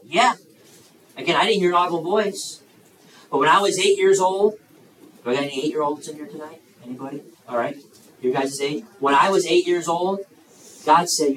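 A man's voice: on the high side, fast, reverberant, distant mic, a little hiss or hum, low-quality recording. A man preaching to children at a youth camp, asking them questions and acting out the voices in the story. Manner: animated, acts out the story's voices, asks the kids questions. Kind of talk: sermon to children. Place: large room at a campground.

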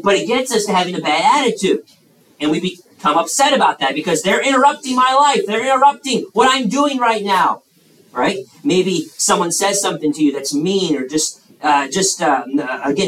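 A man preaching a sermon to young people, reading scripture and acting out the characters with lively restarts. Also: sits high, a little fast, reverberant, recorded from a distance, poor audio. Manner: animated, acts out characters, frequent restarts.

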